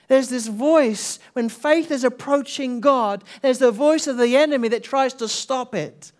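A man preaching a Pentecostal sermon to his church, earnest, swinging between hushed passages and loud, building calls, and often repeating himself as he restarts. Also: very high-pitched, normal speed, hardly any pauses.

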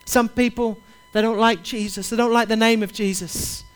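A man's voice: sits high, fairly even intonation, moderate pace, smooth. A man preaching a sermon, urging his listeners directly and repeating his key phrases with passion. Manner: impassioned, repetitive, urges listeners directly.

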